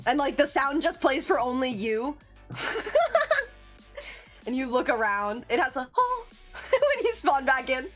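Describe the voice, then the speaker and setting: High, lively chatty woman streamer. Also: measured pace. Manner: chatty, giggly, self-described yapper. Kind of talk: casual livestream chat. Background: faint background music.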